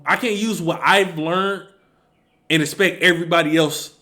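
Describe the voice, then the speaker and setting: A man's voice: a little high, normal speed, bright, forceful tone. A man giving a heated, emphatic opinion rant to camera, repeating his points for emphasis. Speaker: commentary vlogger.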